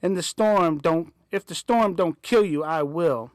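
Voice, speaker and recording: A man voicing an enraged rural father who yells and curses. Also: fairly high pitch, unhurried, no room sound, close to an everyday voice. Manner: shouting, cursing, enraged. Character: furious, abusive rural father.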